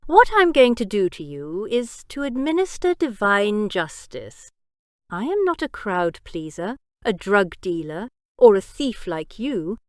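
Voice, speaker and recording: A woman voicing a cold, deliberate vigilante avenger. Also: mid-range voice, big pitch swings, no echo, studio quality. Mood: menacing.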